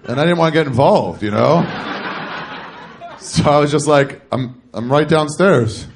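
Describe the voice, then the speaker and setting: A man's voice: a little high, a little slow, noisy background. A man in his thirties telling a stand-up story on a club stage into a handheld mic, acting out both sides of phone calls in raised voices. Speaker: stand-up comedian.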